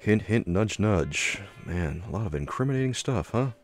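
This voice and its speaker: A man's voice: fairly low pitch, expressive, moderate pace, faint music behind. A man from the United States giving casual, joking commentary as he plays through an old adventure game. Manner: chatty, joking with viewers. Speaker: let's play host.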